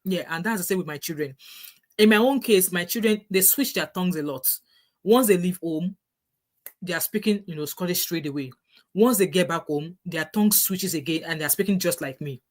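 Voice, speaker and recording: A woman's voice: lowish voice, a little fast. A middle-aged woman with a Nigerian English accent, vlogging casual advice earnestly and often restarting her sentences. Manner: earnest, repetitive, with frequent restarts.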